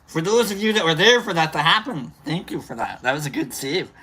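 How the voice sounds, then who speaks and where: A livestream host chatting casually and reading out viewer names, rambling and halting with many fillers and restarts. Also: medium pitch, very animated, bright, forceful tone, a little hiss or hum.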